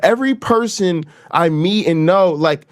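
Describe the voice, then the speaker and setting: Profane, animated man ranting. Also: sits high, a little slow. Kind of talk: casual podcast chat.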